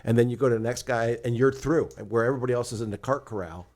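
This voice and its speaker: Older male co-host, retired, spins animated anecdotes with acted-out dialogue. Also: medium pitch, racing. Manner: animated, acts out dialogue in storytelling. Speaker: podcast co-host. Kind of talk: casual storytelling chat.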